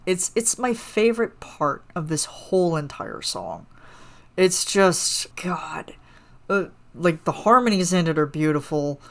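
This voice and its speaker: A woman's voice: lowish voice, big pitch swings, a little slow, fairly bright tone. A woman hosting a solo podcast, gushing about a song in a rambling, casual way full of fillers. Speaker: podcast host reacting to a song.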